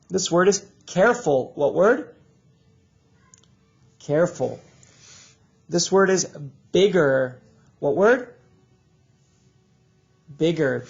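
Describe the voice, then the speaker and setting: A man teaching a recorded reading lesson to children, drilling sounds and words in slow call-and-response. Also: a little high, animated, muffled recording.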